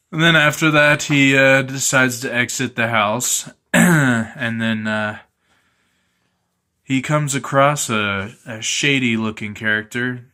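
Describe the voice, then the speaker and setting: Slow guy rambling thru a goofy story, bright voice, lots of ums. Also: on the low side. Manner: slow, halting, frequent fillers and throat clearing. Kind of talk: improvised comic storytelling.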